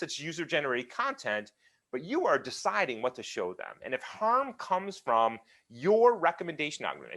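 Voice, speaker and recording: Man, talk guest over a video call, lively pitch, emphatic and full of restarts. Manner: animated, emphatic, many fillers and restarts. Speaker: guest speaker. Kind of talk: conversational Q&A talk.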